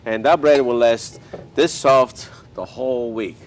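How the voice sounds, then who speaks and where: A man's voice: mid-range voice, steady tone, unhurried. An older man hosting a cooking show, chatting while he cooks and telling folksy stories with joking asides.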